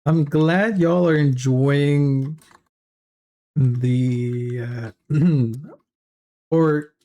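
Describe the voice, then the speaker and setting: A South African man whose first language is Afrikaans chats casually on a livestream while reading chat aloud. His voice is gravelly and a little high for a man, and he talks slowly. He rambles with halting restarts and frequent chuckles, and he sounds worn out. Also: warm tone. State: tired after long work session. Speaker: streamer.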